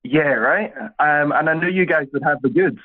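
A man's voice: a little high, normal speed. A Scottish man in his thirties, calling in and chatting casually, with a friendly, rambling way of talking. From Scotland. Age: 30s. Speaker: caller. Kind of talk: casual chat. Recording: tinny phone line.

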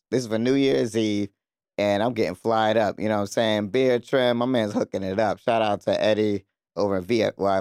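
A man's voice: on the low side, darkish tone, no room sound, clean studio sound. A man co-hosting a casual TV recap podcast, a laid-back storyteller who laughs often. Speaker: podcast co-host.

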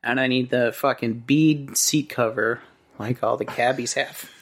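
A man with a gravelly, fry-tinged voice at a middle pitch. He co-hosts a loose comedy podcast, laid-back and riffing along with his partner. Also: fairly even intonation, unhurried. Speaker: podcast co-host. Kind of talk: casual comedic chat.

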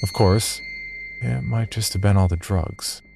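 A man's voice: fairly low pitch, a little slow, vocal fry, a little mellow. A man telling a first-person horror story as a scripted narration, with wry, dry humor.

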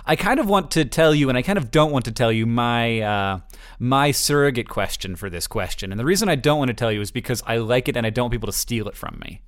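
A man's voice: medium pitch, clear, resonant tone. A man from Florida co-hosting a casual podcast chat, talking with many false starts and restarts before landing his point. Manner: halting, with many restarts, animated. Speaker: podcast co-host.

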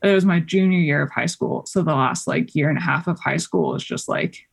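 A young woman from Colorado talks casually as a podcast guest, her voice gravelly with vocal fry and a husky edge. She rambles through her stories with plenty of fillers and now and then acts out what others said. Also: deep voice, fairly quick. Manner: chatty, many fillers, acts out quoted voices. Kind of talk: casual interview chat.

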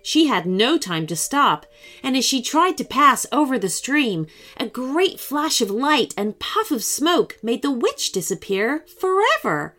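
A woman tells a children's story in an expressive, unhurried storytelling voice. Her voice sits a little high and moves a lot in pitch. Soft music plays in the background.

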